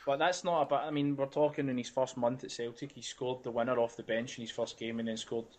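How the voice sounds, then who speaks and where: A man's voice: medium pitch, steady tone, quick pace, darkish tone. A man co-hosting a podcast, giving opinions freely and swearing casually. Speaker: podcast co-host. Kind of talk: casual chat.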